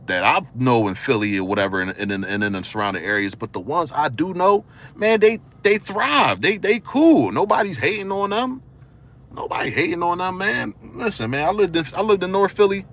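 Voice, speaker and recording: A man from the area, giving casual spoken commentary, firing off rhetorical questions in loose slangy talk, his voice swinging from a low murmur to excited high notes. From Philadelphia area. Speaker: vlogger.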